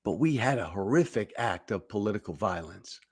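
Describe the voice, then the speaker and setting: A man's voice: fairly low pitch, lively intonation, fairly quick, husky. A middle-aged man hosting a political commentary show, speaking emphatically, with repeated phrases and stammered restarts. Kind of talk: direct-to-camera political commentary.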